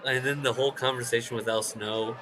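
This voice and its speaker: Bright-voiced man telling animated stories. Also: medium pitch, moderate pace, a little hiss or hum, low-quality recording. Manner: animated storyteller, swears, acts out quoted lines. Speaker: podcast co-host. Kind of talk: casual chat about wrestling.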